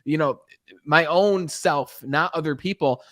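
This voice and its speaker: A man's voice: on the high side, unhurried, fairly bright tone, no echo, clean studio sound. A talkative man hosting a podcast, telling a personal story in an earnest, casual way. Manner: talkative, earnest, acts out quoted dialogue. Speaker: podcast host.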